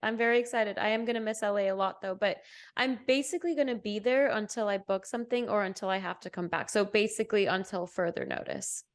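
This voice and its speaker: Animated English-raised woman, American-tinged accent. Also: mid-range voice, fast. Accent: American, with some British. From England and Botswana. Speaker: podcast co-host. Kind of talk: casual interview chat.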